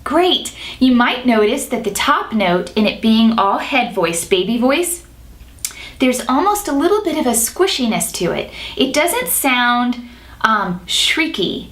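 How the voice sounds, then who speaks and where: Woman vocal coach, kinda high, bouncy lively delivery, demos the exercise herself. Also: unhurried. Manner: demonstrative, sings nasal scale examples between explanations. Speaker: singing teacher.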